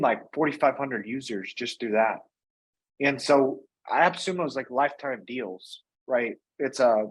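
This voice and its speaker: A man being interviewed as a guest, telling his business story in a casual, energetic way and often tagging on "right?" and "you know". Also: medium pitch, poor audio. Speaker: guest, company founder and CEO.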